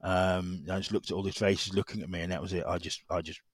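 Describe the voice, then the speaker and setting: A middle-aged man speaks as an interview guest in a very low voice. His talk is halting, full of repeated words and fillers. The sound is dry and close. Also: flat delivery, husky, no room sound. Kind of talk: personal story in conversation.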